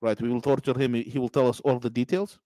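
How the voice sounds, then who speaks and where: A man's voice: mid-range voice, little pitch movement, fast talker, mellow, no echo, poor audio. A man hosting a podcast, delivering a sarcastic, mocking political monologue with emphatic bursts. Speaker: podcast host.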